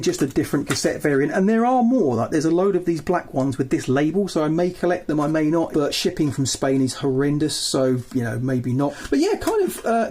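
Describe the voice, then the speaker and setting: A man with a fairly high, warm voice chats casually while showing off items from his retro game collection. He's chatty and rambling, packing his talk with ums, fillers, and asides.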